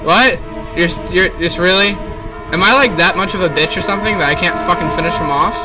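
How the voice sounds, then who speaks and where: Young man, gaming commentary, frustrated swearing rants, slightly high voice, game music underneath. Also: brisk, poor audio. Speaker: gaming YouTuber. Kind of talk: horror game let's play commentary.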